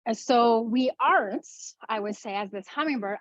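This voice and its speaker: Woman, wellness webinar talk, gentle reflective delivery, dry muffled audio. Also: fairly high pitch, no room sound. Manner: gentle, reflective, uneven pace with slow stresses. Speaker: wellness speaker. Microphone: video call.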